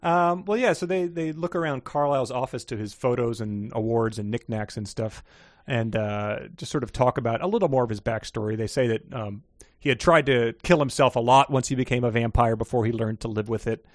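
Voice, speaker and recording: A man's voice: medium pitch, brisk, dry recording, clean studio sound. A man co-hosting a casual chat, wry and joking, telling the story in his own words. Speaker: podcast co-host. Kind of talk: casual book discussion.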